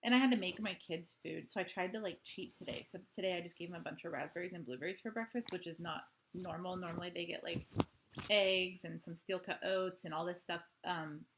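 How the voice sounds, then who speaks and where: Talking a little fast in a lowish voice, this woman records a casual, diary-style video at home. She rambles freely, peppering her talk with "like" and "um," while background noise runs underneath.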